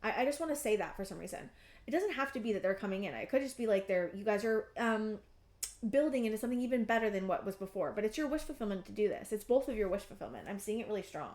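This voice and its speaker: Excitable woman reading tarot in an echoey room. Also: mid-range voice, quick pace. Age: 30s. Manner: excitable and effusive, lots of restarts and "I'm getting". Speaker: tarot reader. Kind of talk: pick-a-card tarot reading to camera.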